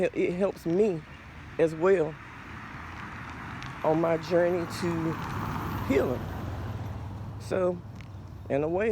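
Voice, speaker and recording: A man in his forties hosting a podcast, talking slowly and earnestly about faith and mental health, a little out of breath. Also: a little high, darkish tone, slight background noise. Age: 40s. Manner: slow, thoughtful, earnest, with pauses and restarts. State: slightly out of breath. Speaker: podcast host. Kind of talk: reflective faith-based mental health talk.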